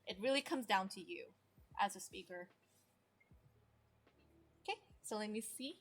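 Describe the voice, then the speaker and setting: A woman's voice: mid-range voice, lively intonation, unhurried, a bit bright, breathy edge. A woman teaching an online English class, explaining terms and asking students questions.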